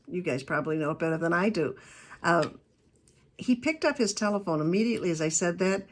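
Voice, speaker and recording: A woman giving a keynote talk on customer service, telling stories in a chatty, emphatic way with quick asides. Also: on the low side. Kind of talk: lively talk to a business audience.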